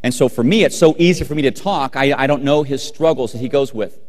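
A man's voice: mid-range voice, fast. A middle-aged man giving a humorous storytelling keynote to a live audience, acting out family scenes and talking directly to the crowd. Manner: animated, acts out family scenes, talks to the audience. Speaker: keynote speaker. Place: large hall with a live audience. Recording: long hall reverb.

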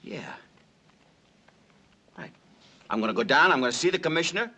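An actor playing a cocky gangster bootlegger in a 1960s film, talking in tough street slang. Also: male voice, on the high side, expressive, moderate pace, sharp tone, husky, heavily acted. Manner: tough street slang, pleading then defiant.

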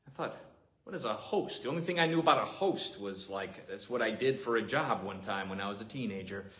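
A man's voice: lowish voice, fast talker, a bit bright. A man preaching an earnest, emphatic sermon as a pastor, repeating key points. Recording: roomy echoing hall.

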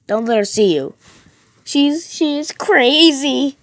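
A woman's voice: sits high, animated, slow pace, no room sound, exaggerated voice. A woman reading a text-message horror story aloud, voicing a worried, protective mother who gives urgent orders and avoids answering questions. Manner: urgent, evasive.

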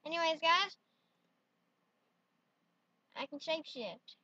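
A woman's voice: sits high, steady tone, measured pace, pauses often, pushed and bright, no echo. A woman hosting a playful solo vlog, talking in a giggly, silly way full of exclamations. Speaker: vlogger. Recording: dull lo-fi dry sound.

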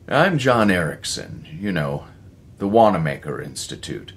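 In this storybook reading, a man plays an older male scientist with a sure, brusque manner. He lectures and gives orders in a voice that sits a little higher and louder than the narrator's own deep tone. It still keeps some gravel. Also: big pitch swings, full character voice. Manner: lecturing, commanding, slightly halting.

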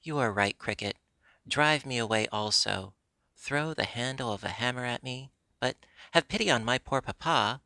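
An earnest wooden puppet boy speaks with eager, pleading urgency, as a man reading a storybook gives him voice. The voice is bright and slightly gravelly, heard dry and close. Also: medium pitch, moderate pace, dry recording.

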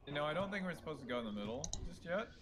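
A man gaming with friends over voice chat, speaking quietly with puzzled questions and sounding faint in the mix. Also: a little high, sing-song, very fast. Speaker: gamer playing with friends. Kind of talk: casual voice-chat banter during a game.

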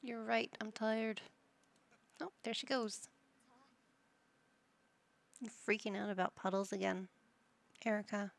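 A woman's voice: medium pitch, fairly even intonation, slow pace, vocal fry, pauses often. A woman giving casual commentary over her life-simulation gameplay, chatting to her game characters as she plays. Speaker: gameplay channel host.

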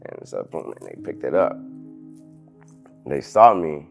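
Very deep gravelly man, halting. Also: big pitch swings, faint music behind. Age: 30s. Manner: halting, restarts sentences, loud when quoting others. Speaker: interview guest. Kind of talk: candid personal storytelling.

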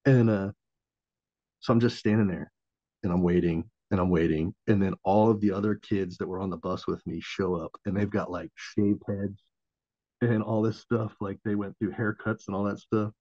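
Brief: man, 30s, low voice, animated swearing storyteller, dull lo-fi dry podcast sound. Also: normal speed, no echo. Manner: profane, animated, acts out quoted voices, laughs often. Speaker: podcast guest, Marine veteran and former Navy corpsman. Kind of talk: casual storytelling.

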